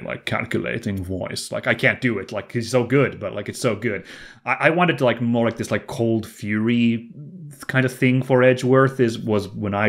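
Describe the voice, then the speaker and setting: Rambling man chatting casually. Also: lowish voice. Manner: rambling, lots of "like", self-deprecating. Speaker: YouTube channel host. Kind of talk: casual retrospective commentary.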